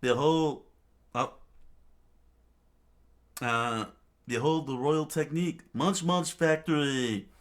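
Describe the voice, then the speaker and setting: A man's voice: on the high side, takes it slowly, long pauses, pitched above the performer's own voice. A man doing a pompous, gluttonous monster king. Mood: pompous boasting. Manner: boastful, pompous. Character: gluttonous male monster-king who eats anything.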